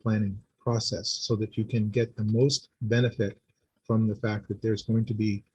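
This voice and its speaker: Guy at a board meeting mic, low mellow voice bit husky, keeps restarting his sentences. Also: little pitch movement, lo-fi sound. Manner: earnest, halting, many restarts. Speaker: public commenter. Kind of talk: public comment at a board meeting.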